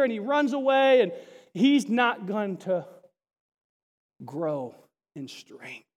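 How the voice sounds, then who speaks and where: A man preaching a sermon to a congregation, chatty with restarts and then rising to animated, emphatic bursts. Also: very high-pitched, slow pace, long pauses. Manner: chatty asides, frequent restarts. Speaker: pastor. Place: large church sanctuary. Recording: long hall reverb.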